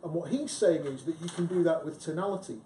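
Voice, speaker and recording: A man's voice: fast talker, dark tone. A man, a book club panelist, chatting emphatically about sales with frequent restarts. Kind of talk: casual discussion. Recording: echoey room with faint rumble.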